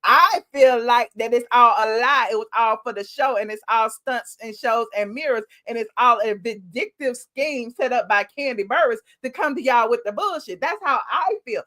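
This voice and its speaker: A woman's voice: a little high, normal speed, hardly any pauses, bright, forceful tone. A woman hosting a live-stream commentary show, talking in a sassy, emphatic way straight to her viewers.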